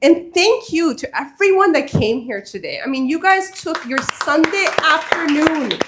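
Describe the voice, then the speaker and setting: A woman's voice: high-pitched, animated, a little slow, heavy background noise. A woman speaking as a community organizer at a mosque event, heartfelt and earnest, rising to urgent appeals to the audience. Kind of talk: impassioned speech to an audience.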